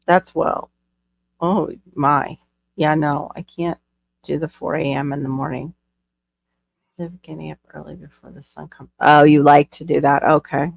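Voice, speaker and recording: A woman's voice: low-pitched, level tone, unhurried, creaky. A woman hosting a live stream, chatting casually and bubbly, laughing easily. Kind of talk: casual chat.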